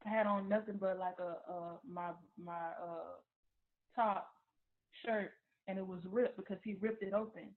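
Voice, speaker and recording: A woman tells her own story as a personal testimony. She talks haltingly, restarting and repeating words as she goes. Her voice comes through a thin, phone-like recording. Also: medium pitch, fairly even intonation.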